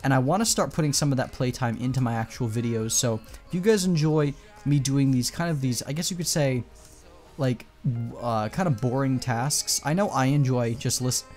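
A man's voice: medium pitch, moderate pace, a little mellow, soft background music. A man giving casual, rambling commentary over his own gameplay, chatting to viewers and coaxing in-game animals along.

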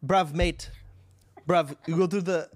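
A man's voice: a little high, fairly even intonation, unhurried, no echo, studio quality. A man voicing a mock British pub-going bloke in a clownish, exaggerated fake British accent, full of clipped slang.

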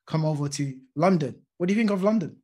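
A man's voice: fairly high pitch, expressive, fast talker, a little mellow, breathy edge. A man from the UK hosting a podcast, chatting casually and asking questions with light hedging. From United Kingdom. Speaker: podcast host. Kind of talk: casual interview chat.

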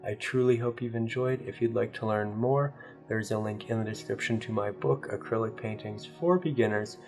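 A young man with a hoarse, under-the-weather voice talks through his painting step by step. His voice sits a little low, and his delivery is calm and explanatory, like a patient instructor. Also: normal speed, music in the background. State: sick, hoarse voice. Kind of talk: real-time tutorial narration.

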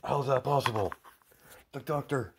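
A man's voice: medium pitch, normal speed, background noise, pitched above the performer's own voice, natural voice. A man voicing a mocking, scheming young male villain in a told fan story. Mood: urgent.

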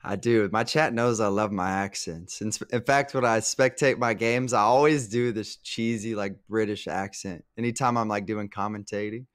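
A man's voice: fairly low pitch, normal speed, few pauses, smooth, no room sound, studio quality. A man who streams, chatting casually as a podcast guest, rambling and restarting his sentences and laughing easily. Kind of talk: casual live podcast chat.

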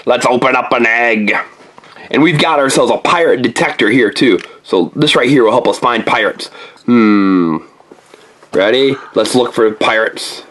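A woman's voice: a bass voice, unhurried. A woman hosting a playful toy unboxing for children, chatting with a child helper and throwing in pirate growls.

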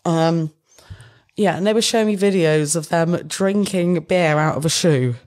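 A woman's voice: fairly low pitch, measured pace, a little mellow. A young British woman from the UK, chatting casually as an interview guest, rambling with fillers and frequent laughter. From United Kingdom. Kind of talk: casual chat.

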